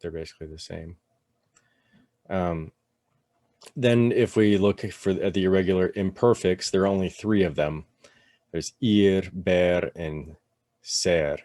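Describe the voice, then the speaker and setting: A man teaching a relaxed, casual lesson, with many fillers and "right?" tags as he explains step by step. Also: low voice, a little slow, pauses often, dry recording, studio quality. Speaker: Spanish teacher.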